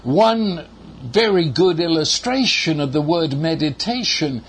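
An older man preaching a sermon, slow and emphatic, often repeating words as he builds a point. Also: a little high, animated, slight background noise.

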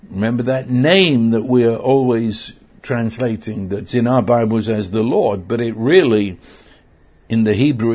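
Male preacher, husky tone, unhurried, earnest sermon delivery with frequent stumbles and repeats. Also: medium pitch. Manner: halting, repeats words, slow and earnest.

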